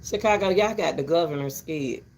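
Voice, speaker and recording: A woman's voice: low-pitched, moderate pace, darkish tone, a little hiss or hum. An older woman ranting casually to her viewers from her back porch, blunt and rambling, breaking into laughter often. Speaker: vlogger.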